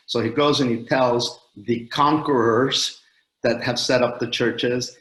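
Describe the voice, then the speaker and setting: A male guest comedian telling a story in a casual, profane, animated and digressive way. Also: medium pitch, normal speed, echoey room, low-quality recording.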